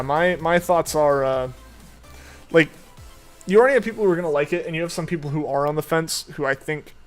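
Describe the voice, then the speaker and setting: A young man talks casually while he plays, rambling through his thoughts with plenty of "like" and "uh" and frequent restarts. His voice sits a little high for a man. Faint game music plays behind him. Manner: rambling, with many fillers and restarts. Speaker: streamer. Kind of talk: casual chat while gaming.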